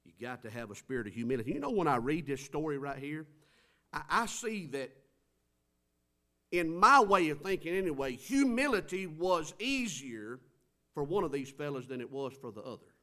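A man preaching a sermon, swinging between loud stressed phrases and quiet drawn-out words. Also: a little high, lively intonation.

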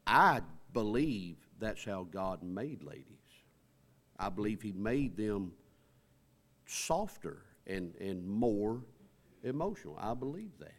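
A man's voice: on the low side, very animated, slow pace. A middle-aged man, preaching a sermon in a folksy, conversational way with rising emphasis. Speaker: pastor.

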